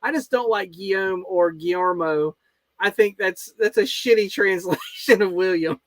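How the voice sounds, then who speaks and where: A man's voice: sits high, normal speed, no echo. A man hosting a podcast in casual chat, blunt and swearing freely. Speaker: podcast host.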